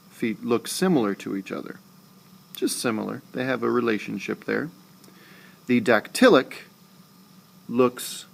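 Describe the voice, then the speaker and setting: A man teaching a screencast lesson, explaining slowly and patiently and saying syllables aloud with exaggerated stress. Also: medium pitch, creaky. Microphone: tablet recording.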